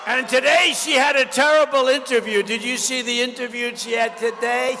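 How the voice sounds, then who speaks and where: Older male candidate, high and bright, combative and repetitive, echoing through a big hall. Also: fairly even intonation, normal speed, hardly any pauses. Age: 70s. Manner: combative, repetitive, riffing off the crowd. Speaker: political candidate. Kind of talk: campaign rally speech. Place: large indoor expo hall. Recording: long reverb in a big hall, faint noise.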